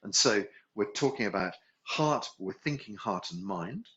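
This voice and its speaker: A man's voice: lowish voice, lively intonation, measured pace, fairly bright tone. A man teaching a healing class, musing aloud, correcting himself and chuckling as he goes. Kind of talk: relaxed spoken class instruction. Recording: dull lo-fi recording.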